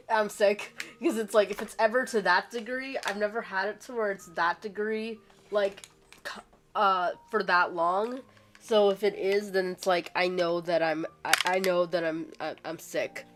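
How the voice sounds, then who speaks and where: A woman streaming a video game, chatting casually in a hoarse voice from a cold, rambling with many fillers and restarts. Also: medium pitch, steady tone, normal speed, fairly bright tone, slight background noise. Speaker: gaming streamer. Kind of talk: casual livestream chat. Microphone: streaming microphone.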